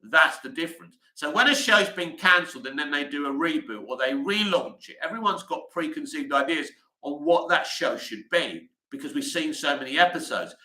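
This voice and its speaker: A man's voice: a little high, animated, moderate pace, few pauses, sharp tone, roomy sound, poor audio. A man hosting a casual livestream, rambling chattily with lots of "you know" fillers as he answers viewer comments. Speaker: livestream host.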